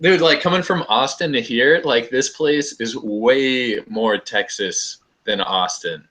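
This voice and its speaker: A man's voice: medium pitch, slow pace, fairly bright tone. A young man chatting casually on a video call, laid-back and rambling, filling his talk with "like" and laughing easily. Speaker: host.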